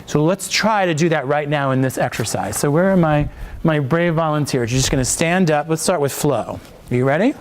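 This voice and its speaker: High-voiced, enthusiastic male voice coach. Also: brisk, slight background noise. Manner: enthusiastic, effusive praise. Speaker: voiceover workshop instructor. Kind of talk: coaching a class.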